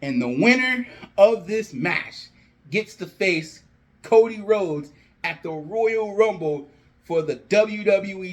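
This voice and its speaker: A young man casually telling an imagined wrestling storyline, animated and jumping into characters' lines as he goes. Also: fairly high pitch. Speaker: wrestling fan video host. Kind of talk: casual fantasy-booking storytelling.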